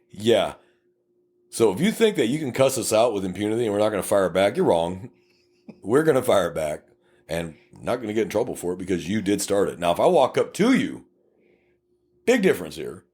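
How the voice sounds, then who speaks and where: Blunt, profane Texan cop storyteller. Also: male voice, fairly low pitch. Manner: blunt, profane, animated, acts out both sides of traffic stops in quick voices. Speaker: podcast co-host, police officer. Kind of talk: casual storytelling chat.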